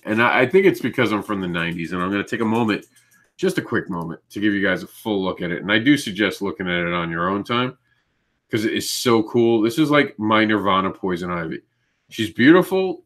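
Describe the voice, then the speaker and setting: A man's voice: lowish voice, a bit bright. A man hosting a live indie comics news show, chatting casually, stumbling over names and laughing at his own slips. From Ireland.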